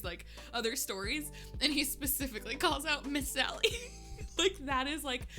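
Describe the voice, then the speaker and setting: A woman's voice: mid-range voice, pushed and bright. A woman streamer telling a personal story in casual chat, laughing often and using lots of filler words.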